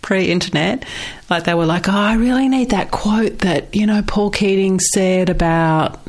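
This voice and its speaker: An Australian woman in her forties with a husky voice from a cold, telling animated stories in casual conversation as an interview guest. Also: mid-range voice, unhurried. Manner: animated storytelling, laughs often.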